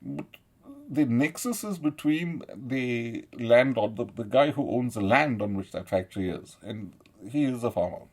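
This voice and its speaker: A man's voice: medium pitch, expressive, measured pace, breathy edge. A middle-aged man from South India, giving a rambling, profane political monologue and laughing often between points. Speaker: commentator.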